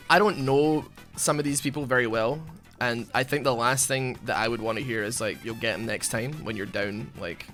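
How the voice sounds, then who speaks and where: Bright-voiced man rambling over gameplay. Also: medium pitch. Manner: rambling and self-mocking, with sudden loud outbursts at the game. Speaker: gaming YouTuber. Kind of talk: casual gameplay commentary.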